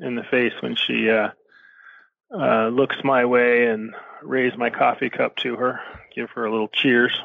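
A man's voice: mid-range voice, level tone, a little slow, gravelly, no room sound, phone-quality sound. A man speaking as a player in a tabletop game, casual and stumbling.

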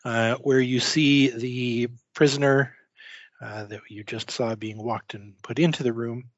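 A man narrates a tabletop horror game as game master. He talks slowly and haltingly, padding his lines with fillers. His voice is dry and close, with dull lo-fi sound. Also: medium pitch, fairly even intonation, no echo.

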